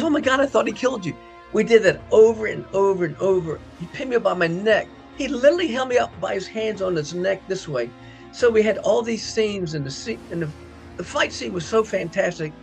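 A middle-aged man, an actor, telling lively behind-the-scenes stories and acting out quotes. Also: creaky. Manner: acts out quoted dialogue with big pitch jumps. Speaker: actor interviewed about a past film. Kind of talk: animated anecdotal storytelling.

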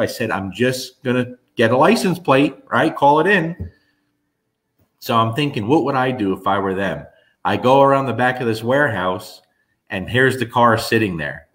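A middle-aged man from New Jersey telling stories in a casual chat with viewers, rambling with restarts. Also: mid-range voice. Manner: animated storyteller, rambling restarts. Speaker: host.

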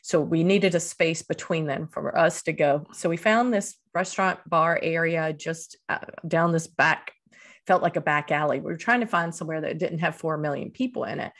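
A woman in her fifties from Eastern North Carolina, a guest telling stories in a casual, animated way and jumping up in pitch for the voices she quotes. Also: moderate pace. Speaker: author and guest. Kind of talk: casual storytelling.

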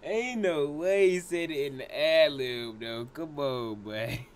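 A man's voice: a little high, takes it slowly. A man hosting a casual reaction video, slangy, laughing often and talking straight to his viewers. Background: hip hop track playing faintly.

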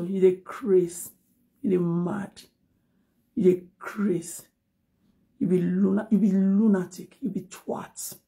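A woman's voice: medium pitch, creaky, mellow. A Nigerian-accented mother scolding critics in a heated, confrontational live video rant, mixing English and Pidgin, recorded on a phone. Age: adult mother. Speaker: social media personality.

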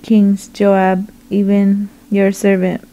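A woman reading the words of a young male messenger in her own plain, slow reading voice. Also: mid-range voice, natural voice. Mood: earnest. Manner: flat, slow, unhurried reading.

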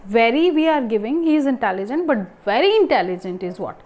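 A woman teaching grammar and asking the class questions, then answering them herself. She talks haltingly, with restarts and fillers. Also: on the high side, expressive, a little mellow. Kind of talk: classroom lesson.

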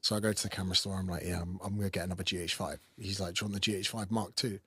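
Give me a podcast host talking quickly in a husky, lowish voice. He chats casually and tells animated stories full of swearing and acted-out quotes. The sound is dry and close on a studio mic. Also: no room sound.

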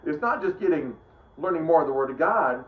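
Expressive and fairly quick, a middle-aged man with a slightly high voice gives a rambling Bible talk as a preacher. He chats casually, frequently cutting himself off to restart a sentence. The recording is lo-fi, roomy, and dull.

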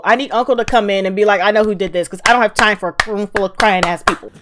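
A woman's voice: mid-range voice, fairly even intonation, fast, few pauses, a bit bright. A woman with hosting a casual reaction video, profane and emphatic, talking back to the screen. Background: drama audio playing underneath.

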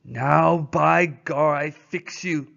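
A man's voice: a little high, steady tone, vocal fry, a bit bright, pitched above the performer's own voice, exaggerated voice. A man doing a hearty French-Canadian dog driver. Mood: excited. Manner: hearty, emphatic, drawn-out accented speech. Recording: dull lo-fi recording.

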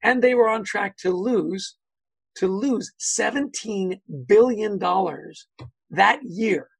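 A man's voice: sits high, slow, gravelly, breathy edge, no echo, rough recording. A man speaking as a guest on a video-call webinar, telling anecdotes, acting out quotes and saying "you know" often. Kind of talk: conversational webinar talk.

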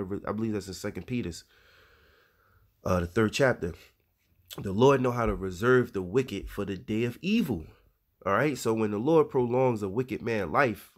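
A man with a low voice teaching scripture in a loose, conversational way. He reads verses aloud, then breaks off into casual asides, as if talking to a friend. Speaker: religious teacher.

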